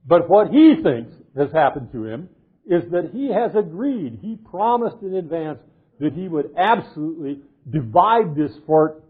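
An older man, a literature professor, giving an animated lecture and cheerfully acting out the characters of a medieval tale, reading old verse aloud. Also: a little high, measured pace, husky. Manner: jovial, acts out quoted characters, reads old verse aloud. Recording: tinny phone-like lecture recording.

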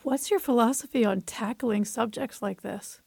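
A woman interviewer poses measured, inquisitive questions in a steady manner. Her voice has a noticeably gravelly, creaky texture. The sound is dry, with no room echo. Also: on the high side.

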